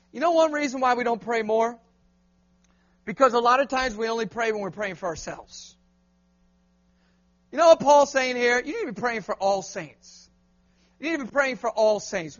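A man preaches an animated call-and-response sermon in a church. The recording sounds a little muffled. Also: very high-pitched. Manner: animated, asks the crowd to answer back.

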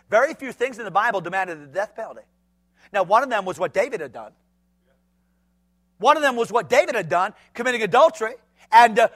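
A male pastor preaching a sermon, swinging between loud shouted outbursts and quiet low asides, with joking side remarks. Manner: jokey humorous asides.

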